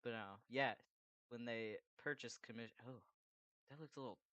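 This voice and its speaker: A man's voice: medium pitch, normal speed, pushed and bright, no room sound, dull audio. A man chatting casually while he draws commissions, rambling and swearing freely. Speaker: artist drawing commissions. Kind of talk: casual chat while drawing.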